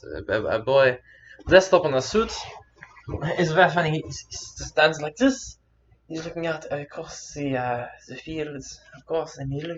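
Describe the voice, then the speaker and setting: A man telling a personal story to camera in a rambling, halting way, with many fillers and restarts. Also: mid-range voice, a bit bright, highs cut off, slight background noise. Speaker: vlogger.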